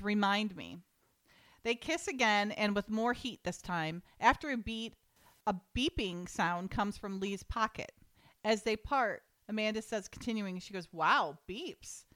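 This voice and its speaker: A woman's voice: medium pitch, a bit bright. Brief: woman host, chatty recap, reads dialogue aloud with amusement. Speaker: podcast host. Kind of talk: casual chat, reading script lines aloud.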